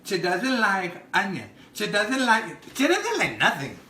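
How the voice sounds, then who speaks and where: A man puts on a gossipy middle-aged home cook, her voice pitched up and swinging wildly between squeals and low mutters. She chats crudely while demonstrating a recipe, and her voice rings bright and sharp. The sound bounces around an echoey kitchen. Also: wildly swooping pitch, a little slow, exaggerated voice. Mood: chatty. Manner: gossipy, chatty, crude asides, giggly. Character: brassy middle-aged Mexican-American woman home cook. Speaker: cooking show host. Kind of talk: comedic cooking demonstration.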